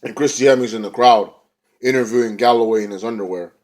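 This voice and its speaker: Slangy young man recapping wrestling. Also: fairly quick. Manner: rambling, slangy, mimics wrestlers in louder higher bursts. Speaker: wrestling show reviewer. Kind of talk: casual recap, retelling a show with quoted voices.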